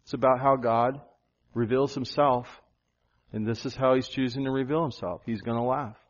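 A male pastor preaching a sermon, animated, jumping up in pitch for emphasis. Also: moderate pace, dull audio.

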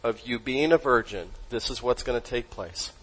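Guy pastor preaching, emphatic, quizzes the church, mid-pitch voice, goes real quiet on big words. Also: moderate pace, husky, rough recording. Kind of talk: sermon.

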